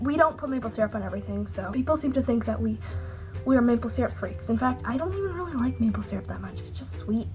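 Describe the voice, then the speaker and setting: A woman vlogging to camera in a chatty, rambling, jokey way, sounding a little sick with a cold. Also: fairly high pitch. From Canada. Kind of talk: casual chat to camera.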